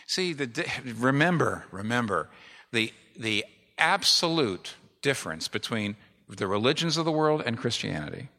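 A man's voice: medium pitch, very animated, unhurried, sharp tone. A middle-aged male pastor preaching a sermon with emphatic repetition. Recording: long reverb of a large hall.

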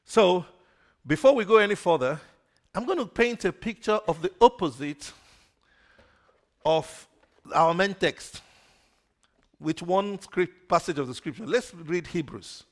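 A man preaching a sermon, putting questions to the congregation for them to answer and swinging between loud emphasis and quiet asides. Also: sits high, animated, measured pace, long pauses. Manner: call-and-response questions to the congregation.

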